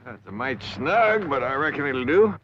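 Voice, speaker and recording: An actor playing a humble, easygoing middle-aged backwoods patriarch in a 1960s TV sitcom, with a slow folksy Ozark drawl. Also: male voice, mid-range voice, very animated, fairly bright tone. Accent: Ozark rural Southern. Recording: dull old TV audio with hiss.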